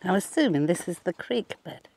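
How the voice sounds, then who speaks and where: A woman's voice: on the low side, lively intonation, normal speed, background noise. An older woman vlogging casually as she scrambles through a rocky gorge outdoors, chatting to the camera as she goes. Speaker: travel vlogger. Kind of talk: casual hiking commentary.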